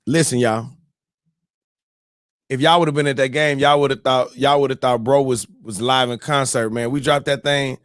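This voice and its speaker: A man hosting a morning show, telling a story in a loose, animated way, whooping and mimicking crowd voices. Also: medium pitch, moderate pace, few pauses, no echo, studio quality. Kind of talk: casual storytelling.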